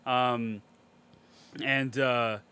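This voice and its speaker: A man recapping a movie in a casual podcast chat, excitable and swearing a lot. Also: mid-range voice, extremely slow, smooth. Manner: excitable, heavy swearing, animated storytelling. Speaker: podcast co-host.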